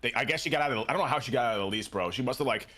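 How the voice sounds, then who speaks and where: Fast-talking, profane male streamer. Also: noisy background. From New Jersey. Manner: animated, profane, jumps into shrill impressions. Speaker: streamer playing a baseball game. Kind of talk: casual live-stream storytelling.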